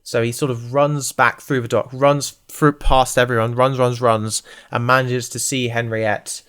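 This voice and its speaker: Podcast co-host, male, English, average pitch; loose, jokey, tangent-prone chat. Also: a little slow, clean tone. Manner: rambling, lively, full of asides and jokes. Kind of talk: casual chat recapping a TV series.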